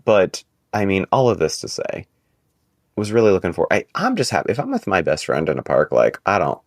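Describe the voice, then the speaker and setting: A man co-hosting a casual podcast, telling stories in an animated, exasperated way. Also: brisk, dry recording, studio quality. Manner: animated, exasperated storytelling with big pitch jumps. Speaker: podcast co-host.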